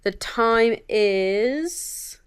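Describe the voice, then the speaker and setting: A woman talks casually in a vlog, chatty and enthusiastic, with the odd swear word. Her voice sits somewhat high and sounds smooth and clear. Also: expressive, drawn-out words. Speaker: book vlogger.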